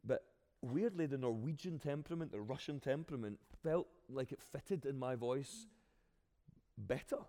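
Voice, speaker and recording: Speaking at normal speed in a mid-range voice, a Glaswegian-accented actor fields interview questions with real animation. He frequently starts his sentences over, and the audio carries a big-room sound.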